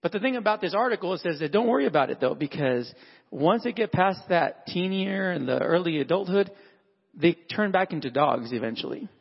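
High-voiced man giving a church talk. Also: a little fast, gravelly, husky, big-room sound, dull audio. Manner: conversational, acts out dialogue with animated voices. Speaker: father speaking to a church fathers' group. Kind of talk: sermon-style talk.

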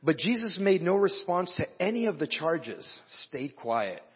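In a sing-song, fairly high voice with a breathy edge, a pastor preaches unhurriedly to his congregation. He leaves the reading now and then to talk directly to the room in a church hall with a live band, on a dull lo-fi recording with long hall reverb.

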